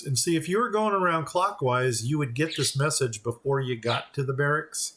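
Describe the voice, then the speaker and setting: A man's voice: medium pitch, moderate pace, few pauses, fairly bright tone. A man giving casual let's-play commentary, explaining each step as he plays and now and then mock-voicing the characters. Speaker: gameplay commentator.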